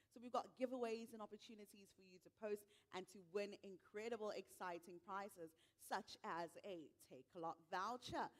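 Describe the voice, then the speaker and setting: A woman hosting a live tech conference on stage, upbeat and speaking directly to the audience. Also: medium pitch.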